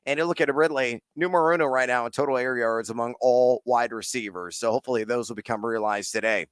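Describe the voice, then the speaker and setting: A middle-aged man hosting a live fantasy football Q&A, reading viewer questions and answering in energetic slangy bursts with frequent fillers. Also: medium pitch, quick pace, clean tone, no echo. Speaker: fantasy football and betting host.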